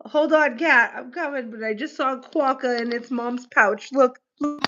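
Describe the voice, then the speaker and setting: A woman streamer chatting casually on a livestream, gushing and animated, and she swears casually. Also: high voice, normal speed, highs cut off.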